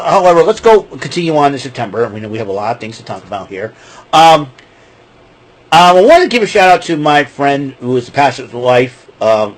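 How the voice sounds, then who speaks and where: Speaking to camera on a rough recording, this man has a slightly high voice with a breathy edge. The vlogger rambles excitably through a jokey monologue, ranting and then laughing at himself.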